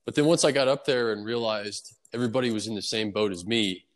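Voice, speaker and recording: A young man talks through his answers in an unhurried, casual way, dotted with fillers and restarts. His voice sits fairly low, and a long reverb hangs behind it, as if he were speaking in a large, echoing room. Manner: relaxed, easygoing storytelling with many fillers. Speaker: guest baseball player.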